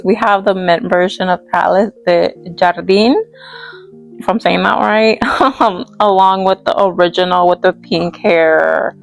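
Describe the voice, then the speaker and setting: A woman vlogger with a mid-range voice and vocal fry chats casually while restyling dolls from her collection. She rambles and giggles, tripping over names as she goes.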